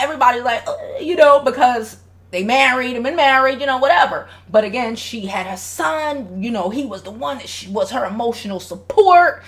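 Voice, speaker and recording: A woman's voice: on the high side, animated, brisk, a bit bright. Blunt, profane woman hosting a livestream. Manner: blunt, profane, reads viewer comments aloud. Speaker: relationship advice host. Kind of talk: casual livestream chat.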